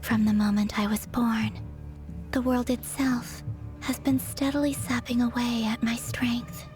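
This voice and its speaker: A woman's voice: fairly high pitch, flat delivery, music in the background, natural voice. A woman playing a whispering, fading moon goddess. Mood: solemn. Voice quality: breathy whisper. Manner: solemn, sorrowful, measured. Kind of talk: whispered role-play.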